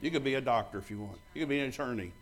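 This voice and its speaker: A man's voice: mid-range voice, very fast. An older man preaching a sermon as pastor, bluntly telling stories and acting out both sides of the conversations. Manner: loud and bold when joking with the congregation.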